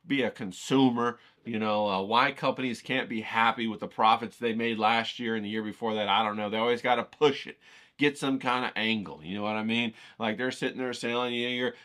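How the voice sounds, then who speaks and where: A man with a mid-range, slightly bright voice hosts an art livestream. He chats in a rambling, down-home style, wandering off topic and saying "you know what I'm saying."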